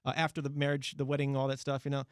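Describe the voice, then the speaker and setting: A man's voice: medium pitch, monotone, rapid-fire, clear, resonant tone, no room sound. A man hosting a radio interview, eager and playful, firing off questions in a studio. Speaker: radio host.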